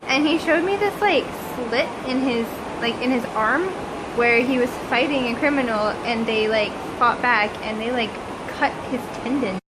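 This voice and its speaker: A woman vlogger recounts a travel ordeal in a casual, animated way and acts out the people she met. Her voice sits high. Loud vehicle noise rumbles behind her. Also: normal speed. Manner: animated, dramatic, quotes people. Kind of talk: casual storytelling.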